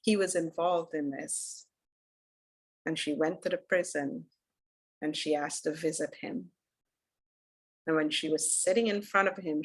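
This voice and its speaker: Earnest low-voiced woman giving a dharma talk. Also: slightly rough, low-quality recording. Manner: earnest, unhurried, drops soft for solemn moments. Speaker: spiritual teacher.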